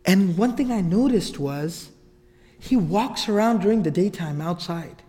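A man with a high voice tells a story as a casual, chatty lecturer. His speech rings with the long reverb of a hall. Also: animated, a little slow, mellow. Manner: casual, conversational retelling with asides. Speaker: religious lecturer.

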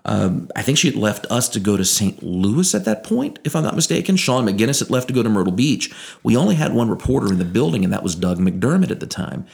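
A man with a low voice and a gravelly, fry-edged texture. He tells stories in a relaxed interview, acting out the lines of the people in them. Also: fairly quick, hardly any pauses. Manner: lively anecdotes, acting out quoted dialogue. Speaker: guest, former TV news producer now in radio. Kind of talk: casual interview storytelling.

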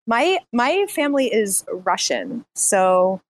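A woman's voice: mid-range voice, big pitch swings, slow, no echo. A woman in a casual online group chat, teasing the others and laughing often. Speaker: guest.

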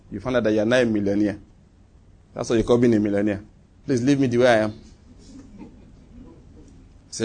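A man preaching a sermon, emphatic and repetitive, swinging between loud bursts and quiet asides. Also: medium pitch. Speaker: pastor.

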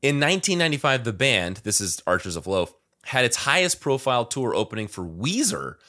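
A man's voice: mid-range voice, very animated, brisk, sharp tone. A man co-hosting a podcast, telling a rambling story in casual chat and laughing at himself. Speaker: podcast co-host.

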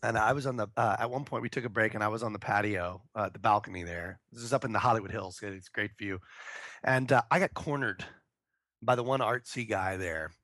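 A man's voice: fairly low pitch, a little fast, fairly bright tone, dry recording. A man co-hosting a comedy podcast, telling a story in a loose, profane way and acting out the people in it. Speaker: podcast co-host.

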